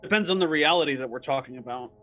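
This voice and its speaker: Bright-toned male GM, casual, laughing easily; faint music underneath. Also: a little high, quick pace. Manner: casual, chuckling, full of fillers. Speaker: game master. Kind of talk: narrating a tabletop game.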